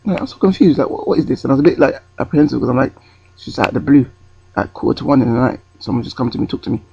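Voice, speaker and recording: Speaking into a webcam held close to his face, a North London vlogger races through a storytime, drifting off track and correcting himself. His medium-pitched voice is gravelly and slightly husky, and the sound is dry and dull.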